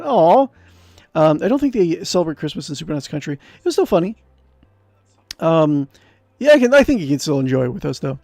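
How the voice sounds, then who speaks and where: A man's voice: fairly high pitch, very animated, brisk, gravelly, long pauses, a little mellow, no echo. Chatty man streaming a text game. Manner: rambling, chatty, many fillers and restarts. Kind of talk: let's-play commentary, reading game text aloud.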